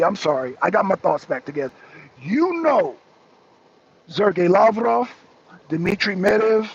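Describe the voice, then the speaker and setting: An excitable male talk show host with a high voice and a gravelly, raspy grain. He argues heatedly and keeps pressing the same point. The sound is dull and lo-fi. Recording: dull lo-fi recording.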